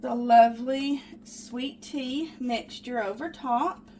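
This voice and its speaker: A woman with a slightly high voice talks slowly, with a bit of background noise. As a home cooking vlogger, she bakes in her small kitchen, chatting excitedly to viewers she calls "guys" during a casual demonstration.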